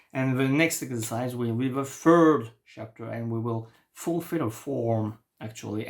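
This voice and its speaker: A man with a French accent, a native French speaker, teaching a beginner French lesson online and talking patiently while he writes. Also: medium pitch. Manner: slow, patient, thinking aloud while writing.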